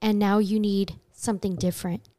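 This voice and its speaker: Frank woman with a mellow, dry voice. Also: medium pitch, little pitch movement, moderate pace, dry recording. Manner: frank, swears casually. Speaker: podcast co-host. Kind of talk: casual chat.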